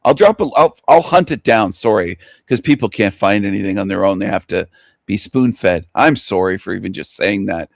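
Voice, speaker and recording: A man's voice: fairly low pitch, animated, normal speed, vocal fry, no echo. Blunt, profane man ranting on a dry mic. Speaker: channel host. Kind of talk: livestream commentary.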